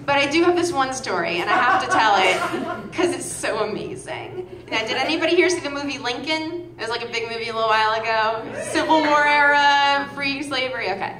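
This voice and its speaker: A young woman with a high voice performs stand-up into a stage mic, deadpan and full of stammering restarts. The club sound is roomy and echoing. A loud crowd laughs behind her. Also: fairly quick. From Massachusetts, outside Boston. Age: 20s. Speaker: stand-up comedian opening act. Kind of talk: stand-up comedy set. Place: music hall stage. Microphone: stage microphone. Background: audience laughing.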